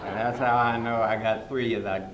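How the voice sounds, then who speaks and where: An older man giving a humorous, storytelling speech as a guest speaker at a conference, with sudden loud jumps in his delivery. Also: fairly even intonation, normal speed, dull audio. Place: conference hall. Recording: echoey hall with faint rumble.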